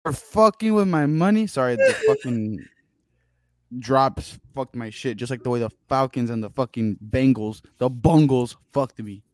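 A man's voice: mid-range voice, animated, normal speed, no room sound, clean studio sound, soft background music. A man co-hosting a casual sports podcast, ranting with heavy swearing and trailing off into mutters. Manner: profane, ranting, drops to mutters. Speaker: podcast co-host.

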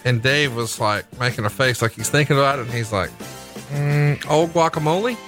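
A man's voice: mid-range voice, fast talker, music in the background. A man co-hosting a podcast, reading an ad in a brash, crude, joking way. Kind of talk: casual podcast ad read.

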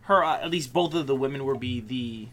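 A man chats casually as a podcast co-host, joking and ribbing the others. His voice is bright and forceful. A faint hum of ambience sits behind him. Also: mid-range voice, fairly quick. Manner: teasing, joking. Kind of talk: casual chat.

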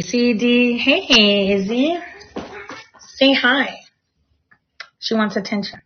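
A woman's voice: medium pitch, breathy edge, highs cut off. A woman chatting casually to her viewers, rambling and jumping from topic to topic. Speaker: vlogger. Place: at home, near a bedroom studio.

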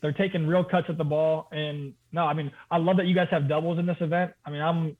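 A man's voice: on the high side, little pitch movement, brisk. A man joining a podcast as a guest, chatting in an easygoing, enthusiastic way. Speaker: podcast guest, brand manager. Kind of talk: casual podcast chat. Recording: tinny phone-like line.

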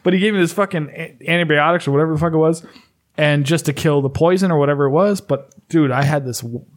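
A man's voice: a little high, fast talker. A man co-hosting a podcast, chatting casually with profane, joking banter. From United States. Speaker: podcast co-host. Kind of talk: casual chat. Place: lives in Las Vegas.

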